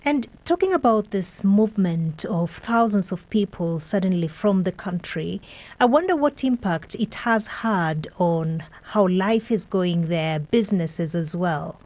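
A woman presenting the news, posing questions to a reporter in a smooth, polite way. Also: lowish voice, expressive, a little slow, darkish tone.

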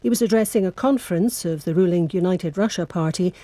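A woman reading a radio news bulletin in a measured, formal way. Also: fairly low pitch, dark tone, no echo. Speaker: newsreader.

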